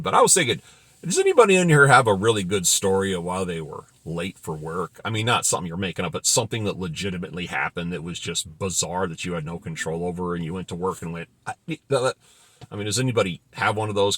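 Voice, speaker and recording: A man's voice: low voice, animated, quick pace, a bit bright, husky, dry recording. A middle-aged man telling rambling, wry anecdotes about his work as a pilot in a casual monologue. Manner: wry, rambling, digressive storytelling. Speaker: former pilot telling stories.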